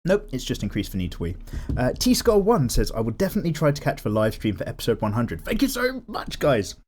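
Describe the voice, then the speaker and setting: A young man with a casual, animated manner, chatting while he draws and swearing freely as he goes. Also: medium pitch, quick pace, a little hiss or hum. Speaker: art vlogger. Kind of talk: casual chat while drawing.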